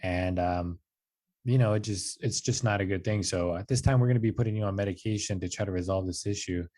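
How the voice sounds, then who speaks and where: Speaking a little fast in a lowish voice, a man in his twenties appears as a podcast guest and tells a personal story loosely and casually. "Like" and "dude" pop up a lot, and his voice jumps up in pitch as he animatedly acts out what other people said.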